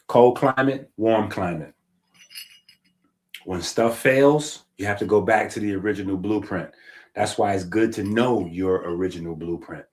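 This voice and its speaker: A man with a deep, slightly mellow voice gives a casual but emphatic health-talk monologue as a streamer. He reads passages aloud and frequently checks in with "right?".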